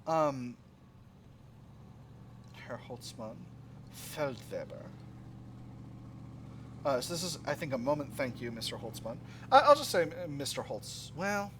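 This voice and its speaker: A man's voice: a little high, sing-song, normal speed, hardly any pauses, fairly bright tone, slight background noise. A man hosting a let's play, reading game text aloud and thinking through his choices with hesitant fillers. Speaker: gaming channel host.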